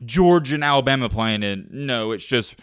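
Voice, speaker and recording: A man's voice: mid-range voice, expressive, normal speed, a bit bright, clear, resonant tone, dry recording, clean studio sound. A young man giving a blunt, heated, mocking rant as a sports commentary YouTuber. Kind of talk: opinionated solo rant.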